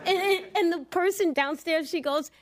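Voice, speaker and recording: A woman's voice: extremely high pitch, normal speed, a loud crowd, very noisy. A middle-aged woman, telling stories in casual chat on a live show. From New York City. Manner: animated storyteller, acts out quotes. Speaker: podcast host guest.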